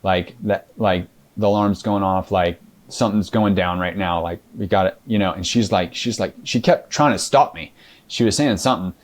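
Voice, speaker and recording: A man's voice: sits low, normal speed. A man guest in an interview, telling his story in a casual, rambling way with many fillers and restarts.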